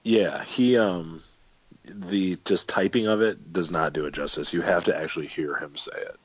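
Really deep husky guy on a podcast, dry matter-of-fact, dead dry room. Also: normal speed, no room sound. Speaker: podcast co-host. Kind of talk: casual chat. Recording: dry, dull lo-fi audio.

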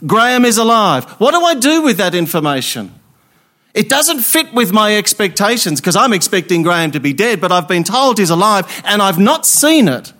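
A man with a high, bright voice preaches an Easter Sunday sermon with emphasis. He uses pauses and rhetorical questions to draw his listeners in.

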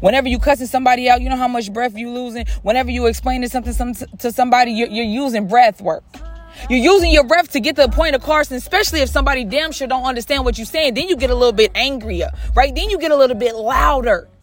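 A woman's voice: on the high side, quick pace. A woman hosting a podcast, giving an emphatic motivational monologue, repeating phrases and calling the listener friend. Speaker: podcast host.

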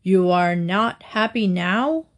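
Woman reader as a scolding god-king, lower and hushed, lecturing. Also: takes it slowly. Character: stern male king of the gods.

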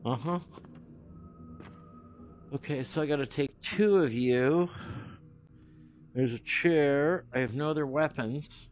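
With a slightly high, gravelly voice, a cannabis podcast host jokes his way through a haunted old hotel, addressing empty rooms out loud. The camera mic records him on the move indoors, with slight background noise.

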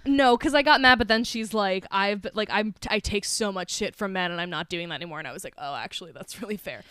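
Smooth-voiced woman podcast co-host, dry sound. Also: mid-range voice, a bit bright, no echo. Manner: chatty, swears freely, quick to agree. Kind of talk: casual movie recap chat.

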